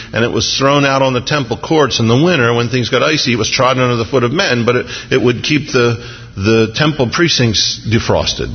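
A man preaching a sermon as pastor, animated and jumping into excited voices when he acts out quotes. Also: mid-range voice, vocal fry, breathy edge, in a large hall, highs cut off.

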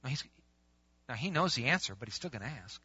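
A man's voice: medium pitch, fast talker, breathy edge, no room sound. A male pastor preaching a conversational sermon, acting out bits of dialogue. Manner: animated, conversational, acts out dialogue. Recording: muffled, dry lo-fi recording.

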